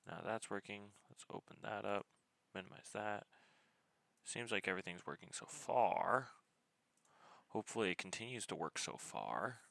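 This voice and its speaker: A man's voice: on the low side, lively intonation, normal speed, vocal fry, a bit bright, dry recording, rough recording. A man chatting casually on a live game stream, greeting viewers by name in an easygoing way.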